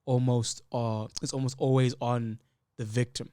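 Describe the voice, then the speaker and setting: A man's voice: medium pitch, little pitch movement, moderate pace, warm tone, clean tone. A man co-hosting a podcast in casual chat, speaking reflectively and often restarting his sentences. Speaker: podcast co-host.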